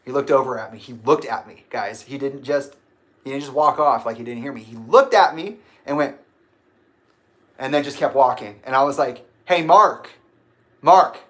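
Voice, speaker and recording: A man venting on a livestream in a mid-pitched voice, swearing freely. He talks casually, then breaks into sudden loud shouts. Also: moderate pace. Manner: profane and emphatic, with sudden bursts of shouting. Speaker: livestream host.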